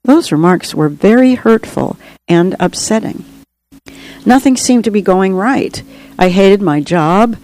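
A woman's voice: on the low side, a little mellow, poor audio. A woman author reading her own book aloud in an earnest, reflective first-person storytelling manner. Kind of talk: audiobook reading.

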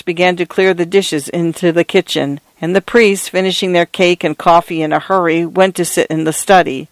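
A man narrating a story in a measured, even audiobook reading. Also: fairly high pitch, gravelly, dry recording.

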